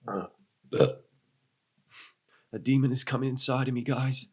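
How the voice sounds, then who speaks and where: A man's voice: medium pitch, monotone, fast talker, a little hiss or hum. A man hosting a reaction video, cracking sarcastic, crude jokes in casual commentary into a desk microphone. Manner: sarcastic, crude joking asides.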